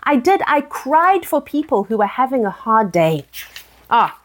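A woman's voice: on the high side, very animated, unhurried. A woman teaching a text study lesson. She reads verses aloud and explains them earnestly, with frequent fillers and restarts.

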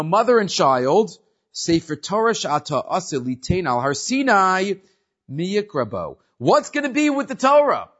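A man teaching a Torah class, moving between Hebrew verses and English explanation and checking in with "right?". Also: fairly high pitch. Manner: lively, mixing Hebrew and English, questioning "right?". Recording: dull lo-fi sound.

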